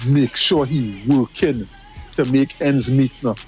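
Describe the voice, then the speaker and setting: Man telling a lively story. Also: mid-range voice, takes it slowly, faint music behind. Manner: animated, repeats words, laughs while telling. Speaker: caller. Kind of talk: casual storytelling.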